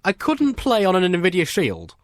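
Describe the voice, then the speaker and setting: A man's voice: high-pitched, wildly swooping pitch, normal speed, dry recording. A teenage man, hosting a podcast in casual chat and stumbling over his words as he rambles. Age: teens. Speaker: podcast host. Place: recording studio.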